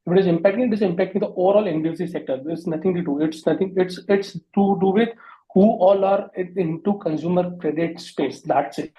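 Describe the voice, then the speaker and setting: A man speaking as a panelist on a video call, halting and full of fillers. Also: high voice, dark tone. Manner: halting, many fillers and restarts. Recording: dull lo-fi call audio.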